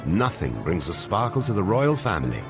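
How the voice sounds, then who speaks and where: A man narrating a documentary in a measured, dramatic scripted delivery. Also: low voice, big pitch swings. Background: music.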